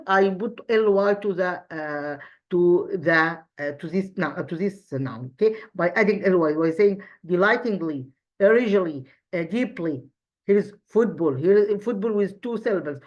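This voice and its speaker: A woman teaching an English lesson, explaining slowly with frequent fillers and restarts and spelling out letters. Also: mid-range voice, darkish tone, muffled recording. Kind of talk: online lesson review.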